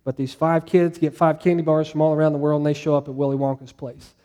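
A man's voice: on the high side, little pitch movement, quick pace, dark tone, big-room sound. A man preaching a sermon to a congregation in a conversational way, asking them questions as he goes. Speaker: pastor.

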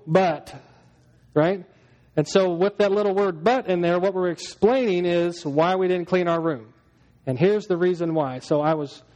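A man's voice: a little high, darkish tone, highs cut off. A man preaching a sermon as pastor, talking to the congregation in a chatty way and acting out everyday scenes in little voices. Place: church hall. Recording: long hall reverb.

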